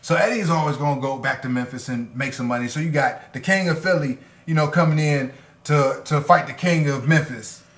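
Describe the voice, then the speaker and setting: Male podcast co-host, raised pitch, profane and animated, recorded in a roomy room. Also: fairly quick, hardly any pauses. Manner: animated, swears freely, laughs while recapping. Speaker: podcast co-host reviewing old wrestling. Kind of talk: casual profane chat.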